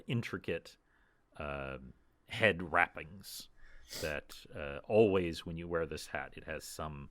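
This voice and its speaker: A man narrating a tabletop game as game master on a podcast microphone, in a relaxed, rambling way with many fillers. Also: a bass voice, no room sound.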